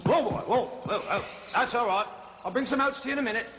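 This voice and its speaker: Music plays as a man voices a cheerful, clumsy jungle explorer who runs the zoo segment of a 1970s kids' TV comedy. Very high-pitched, quick, and fairly bright, he chatters away, tickled by himself and easily thrown off.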